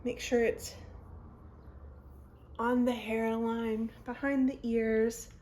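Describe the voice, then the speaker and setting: A woman's voice: fairly high pitch, little pitch movement, slow, darkish tone, a little hiss or hum. Chatty young woman doing a makeup vlog. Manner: chatty, rambling, self-interrupting. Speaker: beauty vlogger. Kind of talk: casual makeup tutorial chat. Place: home, by a mirror. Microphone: phone camera.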